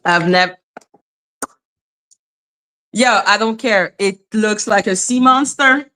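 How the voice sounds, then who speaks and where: A woman hosting a casual livestream, chatting with viewers in an animated way, laughing often and swearing freely. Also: mid-range voice, slow pace, pauses often. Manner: animated, laughing, frequent profanity. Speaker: livestream host. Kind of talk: casual livestream chat reading comments.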